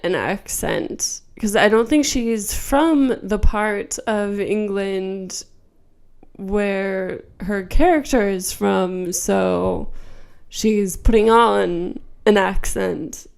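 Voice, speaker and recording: A woman from the United States, a podcast guest in casual chat, talking in a measured, wry, soft-spoken way. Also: mid-range voice, creaky, clean tone.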